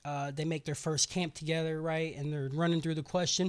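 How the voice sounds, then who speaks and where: A man's voice: on the high side, level tone, brisk, clean tone. Profane, offhand male podcast host. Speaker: podcast co-host recapping episodes. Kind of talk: casual comedic recap.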